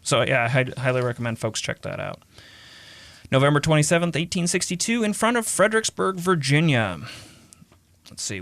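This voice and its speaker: A man's voice: on the high side, sing-song, fairly quick, vocal fry, a bit bright, no room sound. A man co-hosting a casual history podcast, reading old letters aloud and chatting between them. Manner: reads out historical quotes, chuckles often. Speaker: podcast co-host.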